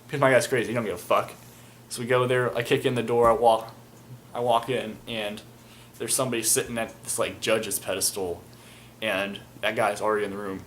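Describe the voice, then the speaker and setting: A man's voice: fairly low pitch, fairly even intonation, brisk, fairly bright tone, slight background noise. A young man casually recounting a tabletop game, rambling with lots of fillers and crude slang. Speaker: storyteller, fan video maker.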